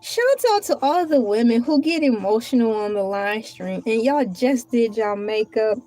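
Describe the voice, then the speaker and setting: A woman's voice: a little high, lively intonation, moderate pace, warm tone. A woman live streaming from home in casual chat, thanking viewers and talking to herself while she types and searches around her table. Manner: chatty, talks to herself while searching and typing.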